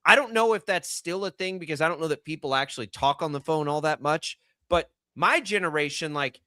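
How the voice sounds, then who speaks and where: A man's voice: on the high side, bright, forceful tone, dry recording, studio quality. A middle-aged man hosting a sports radio show, ranting incredulously in casual banter.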